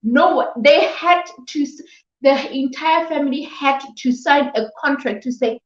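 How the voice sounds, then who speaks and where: A woman's voice: high-pitched, unhurried. A woman giving a motivational talk to her viewers, repeating phrases for emphasis and breaking into scolding exclamations. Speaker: motivational vlogger. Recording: echoey room, dull lo-fi sound.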